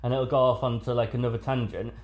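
A man co-hosting a casual chat, telling stories in an animated way and laughing often. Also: mid-range voice, fast. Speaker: podcast co-host.

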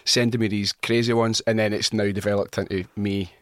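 A man hosting a casual chat, jokey and quick to laugh. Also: on the low side, level tone, no room sound, clean studio sound. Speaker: podcast host.

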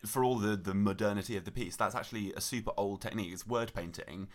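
A man co-hosting a podcast, patiently explaining a piece of music in a relaxed way with the odd dry joke. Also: lowish voice, fast talker. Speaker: podcast co-host. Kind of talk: casual explanatory chat.

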